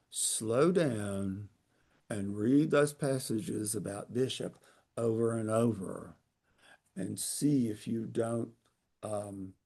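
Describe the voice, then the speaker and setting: Male book club leader, gravelly voice, halting and wry, over a video call. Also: on the low side, mellow. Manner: hesitant, many fillers and restarts, wry humor. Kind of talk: informal literary talk.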